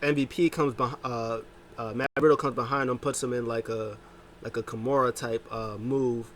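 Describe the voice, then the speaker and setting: A man talks through last night's wrestling in a loose, casual recap, his pitch leaping up whenever he quotes someone. There's a faint hiss of noise under the recording. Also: normal speed. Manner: animated retelling, jumps pitch to quote wrestlers. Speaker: wrestling show recap host.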